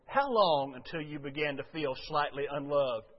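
A man delivering a sermon in a church, chatting to his congregation in a folksy way. His voice sits a little high for a man. The recording is dull and lo-fi. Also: animated, normal speed. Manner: folksy, conversational preaching with frequent "uh" and rhetorical questions. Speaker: preacher.

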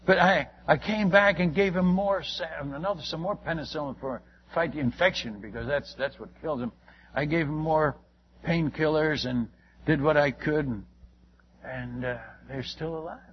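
A man's voice: on the high side, moderate pace, slightly rough. An older man telling a long, folksy story about his missionary work in a rambling, casual way, full of restarts and asides. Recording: muffled lo-fi recording with faint hiss.

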